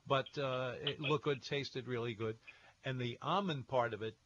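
A man's voice: mid-range voice, moderate pace, muffled recording, slight background noise. Radio host man with an easygoing, hesitant delivery. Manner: relaxed, hesitant with many fillers. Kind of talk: radio call-in talk.

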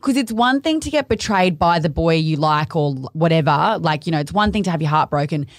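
A woman in her twenties with an Australian accent, co-hosting a podcast, blunt and animated as she tells stories. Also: low voice, a little fast, no echo, clean studio sound. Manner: blunt, animated storytelling, swears freely. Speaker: podcast co-host. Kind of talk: casual chat.

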